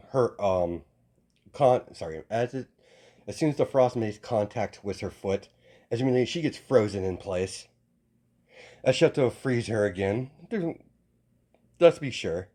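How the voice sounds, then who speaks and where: A man improvising a fan story as narration, halting often with restarts and self-corrections. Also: medium pitch, mellow.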